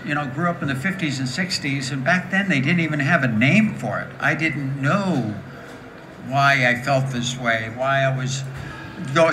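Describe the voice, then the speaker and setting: Bright, forceful voice, deep and raspy, from a woman in her late sixties. She talks openly and with humor to a live crowd. There is a faint hiss behind her. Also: low-quality recording. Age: 60s. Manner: frank, joking, animated storytelling. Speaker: guest speaker. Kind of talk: candid live talk with audience.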